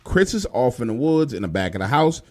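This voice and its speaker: A man's voice: medium pitch, sing-song, fairly quick. A man doing a worried wife. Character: worried young wife at her door.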